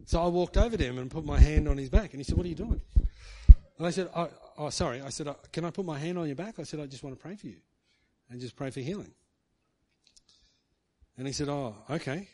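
Background noise sits behind a middle-aged pastor whose voice runs a little high. He preaches by sharing a personal story in a conversational way, closing his comments with "hey".

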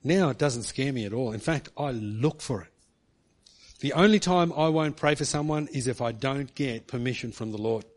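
A man's voice: medium pitch, normal speed. A middle-aged man preaching, telling a personal story in a chatty way and ending remarks with "hey". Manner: chatty, tag questions with "hey". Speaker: pastor. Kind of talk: sermon storytelling.

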